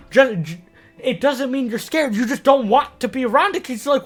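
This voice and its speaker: A man's voice: high-pitched, normal speed, soft background music. A man giving casual commentary on an anime for his video channel, rambling and swearing freely. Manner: animated, profane, rambling.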